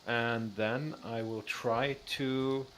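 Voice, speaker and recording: A man's voice: mid-range voice, steady tone, extremely slow, fairly bright tone, slight background noise, low-quality recording. A man playing a tabletop game over a video call, thinking aloud hesitantly about his moves. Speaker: player.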